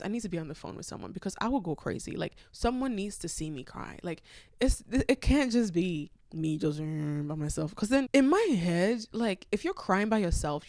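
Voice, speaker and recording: A woman hosts a solo podcast with a fairly low voice, sharing personal stories in a candid, expressive way. She swings from loud, excited bursts to hushed asides. The sound is dry and close, with no room echo. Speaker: podcast host.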